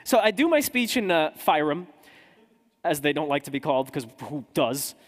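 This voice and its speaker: High-voiced man telling stories in an echoey hall. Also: big pitch swings, moderate pace. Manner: chatty, self-mocking storytelling. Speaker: podcaster and journalist. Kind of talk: conference talk anecdote. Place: conference hall.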